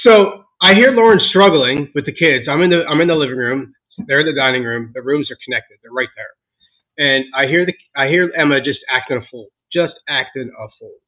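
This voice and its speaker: A man co-hosting a casual podcast about being a dad, venting in an animated way, with swearing and laughter. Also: medium pitch, fairly quick, narrow, tinny audio. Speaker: podcast co-host. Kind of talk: casual chat.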